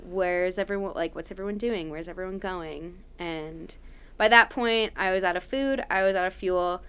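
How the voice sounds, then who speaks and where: Animated woman telling a trail story. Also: lowish voice, normal speed, smooth. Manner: animated, frequent "like" fillers. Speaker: podcast guest. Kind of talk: casual storytelling.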